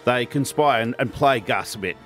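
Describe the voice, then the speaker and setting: A man co-hosting radio, explaining in a halting way, full of fillers. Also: medium pitch, fairly bright tone, soft background music. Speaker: radio co-host. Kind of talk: casual radio banter.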